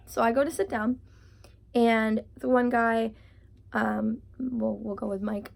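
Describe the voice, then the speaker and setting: A young woman in her twenties tells a storytime vlog in a chatty, animated way, with a lot of "like" and her own panicked lines acted out. Her voice sits slightly high for a woman. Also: slow pace, gravelly, long pauses. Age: 20s. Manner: heavy use of filler "like". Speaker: vlogger.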